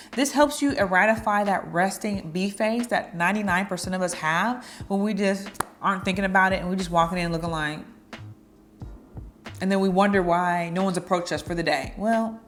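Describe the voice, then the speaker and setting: A woman's voice: on the low side, a little hiss or hum. A woman vlogger giving dating advice in a chatty, playful way, now and then acting out little flirty lines. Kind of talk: casual advice talk to camera.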